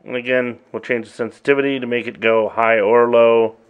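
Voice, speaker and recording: A middle-aged man casually walking through his old drum machine sounds, talking in a relaxed, halting way with frequent pauses. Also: mid-range voice, dull audio, over loud music. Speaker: drummer demonstrating gear. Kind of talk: casual demo walkthrough.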